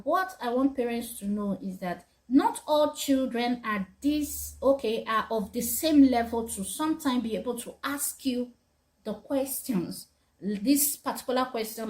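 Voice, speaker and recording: Earnest mother giving parenting advice. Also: on the high side. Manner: earnest, repeats herself, laughs often. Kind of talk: casual advice talk to parents.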